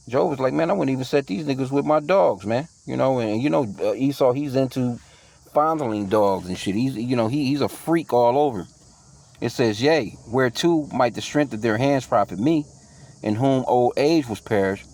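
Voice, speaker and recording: A man giving casual scripture teaching in a mid-range voice. He reads verses aloud in a measured way, then drifts into loose, profane street talk. His delivery is full of fillers and restarts. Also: medium pitch, darkish tone. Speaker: bible teacher.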